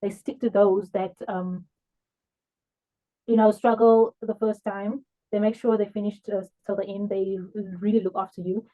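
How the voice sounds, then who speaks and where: A woman co-hosts a podcast, talking through past episodes in a relaxed, advising way. Her voice comes through narrow and phone-like, pitched in a middle range. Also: moderate pace. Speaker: podcast co-host. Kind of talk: casual recap chat.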